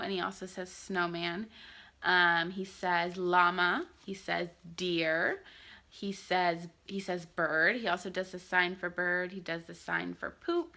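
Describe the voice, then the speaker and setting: A woman's voice: on the low side, creaky, bright, forceful tone. A young woman and mother chatting casually to camera at home, full of ums and likes. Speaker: vlogger and mother. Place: home, indoors.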